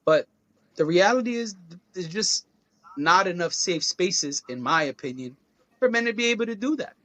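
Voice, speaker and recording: Man, high pitch, earnest casual podcast talk, dry close sound, conversational. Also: a little fast, pushed and bright, no room sound. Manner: earnest, conversational, often asks "you feel what I'm saying". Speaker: podcast co-host.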